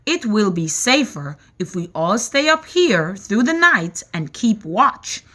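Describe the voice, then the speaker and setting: A woman voicing a wise old male grasshopper in a storybook, measured and grandfatherly. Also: medium pitch, sing-song, fairly bright tone, exaggerated voice. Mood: cautious.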